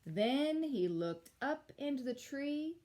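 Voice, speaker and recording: A woman teacher reading a picture book aloud to children, with expressive storytelling and little asides. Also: high-pitched, takes it slowly. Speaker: elementary school teacher.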